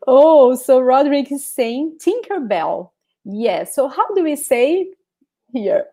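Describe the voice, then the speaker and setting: A Brazilian woman with a Brazilian Portuguese accent teaches a live online language lesson, speaking slowly and patiently. Her voice is mellow and soft-edged. She repeats each word several times for practice and reads out viewer comments. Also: high voice, sing-song.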